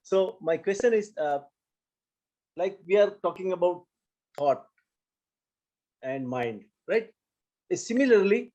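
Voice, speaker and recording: A woman's voice: medium pitch, darkish tone. A woman hesitantly putting a question to a teacher over a video call, with many fillers. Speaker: participant asking a question.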